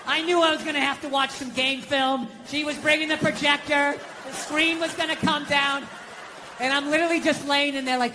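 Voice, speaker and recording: A middle-aged man performing a stand-up comedy routine, sarcastic and profane, animated as he slips in and out of quoted voices. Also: very high voice, fairly quick, in a large hall. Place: comedy stage before an audience. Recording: noisy live comedy stage with crowd.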